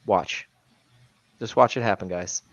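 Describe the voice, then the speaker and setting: A man's voice: deep voice, a little slow, no echo, muffled recording. A man co-hosting a casual crypto livestream, talking emphatically and saying "man" often. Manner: emphatic, says "man" a lot.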